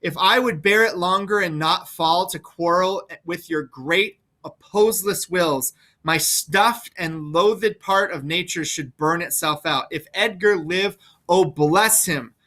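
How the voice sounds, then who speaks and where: A man reading the lines of a despairing blind elderly father, slow and solemn verse. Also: sits high, sharp tone.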